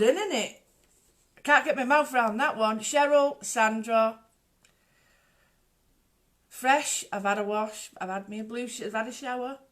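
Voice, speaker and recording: A woman hosting a casual home livestream, rambling chattily and greeting viewers by name. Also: high voice. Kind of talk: casual live chat.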